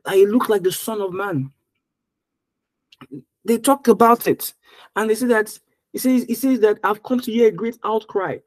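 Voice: medium pitch, no room sound, low-quality recording. A Bible study teacher on a dry mic. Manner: reads scripture aloud and muses on it, with halting restarts.

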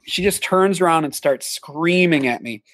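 A man telling a story as a guest in an interview, animated, acting out dialogue in a raised voice. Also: on the high side, moderate pace, no echo. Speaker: guest, haunted attraction actor manager.

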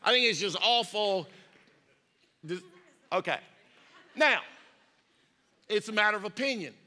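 A man's voice: high-pitched, lively intonation, unhurried, bright, forceful tone. A male pastor preaching a folksy, conversational sermon with a lot of repetition and storytelling.

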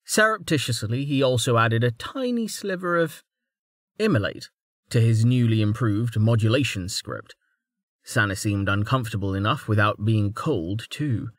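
A man narrating an audiobook in an even, steady storytelling manner on a close studio mic. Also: medium pitch, normal speed, no echo. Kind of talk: scripted narration.

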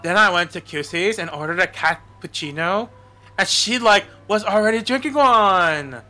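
A man's voice: high voice, lively intonation, normal speed, sharp tone, faint music behind, heavily acted. A man voicing a catty, gossipy valley-girl young woman in a game, full of "like". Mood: gushing. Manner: bubbly, lots of "like".

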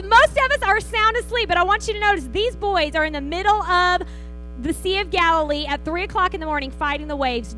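A woman pastor preaches in a church, acting out the lines of the story as she goes. Her voice sits very high and rings bright and clear. Faint music plays behind her. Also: low-quality recording. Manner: storytelling with acted-out quotes. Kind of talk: sermon. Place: church sanctuary.

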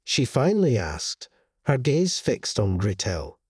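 Male horror storyteller, very husky and breathy, slow and deliberate, dry close recording. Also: mid-range voice, sing-song, a little mellow, no room sound. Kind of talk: dramatic horror narration.

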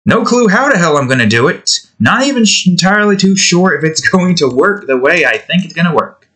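A man's voice: sits high, expressive, brisk, fairly bright tone. A man hosting his art channel, chatting casually while he draws, rambling and poking fun at himself. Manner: rambling, self-deprecating, restarting. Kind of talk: casual chat while drawing.

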